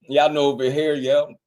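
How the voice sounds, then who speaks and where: Laughing man hosting a boxing livestream. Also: fairly high pitch. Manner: laid-back, laughs often, shouts out viewers by name. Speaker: boxing channel host. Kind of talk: casual livestream chat.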